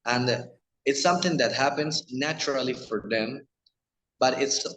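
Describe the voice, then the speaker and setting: Halting man with a Spanish accent. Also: medium pitch, fairly bright tone, a little hiss or hum, poor audio. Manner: halting, many restarts and fillers. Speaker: teacher. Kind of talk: recorded lecture on pronunciation.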